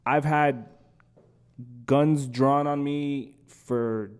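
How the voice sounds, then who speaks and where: A man's voice: mid-range voice, fairly even intonation, extremely slow, smooth. Storytelling male podcast guest. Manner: storytelling, emphatic, loose. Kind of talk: casual conversation.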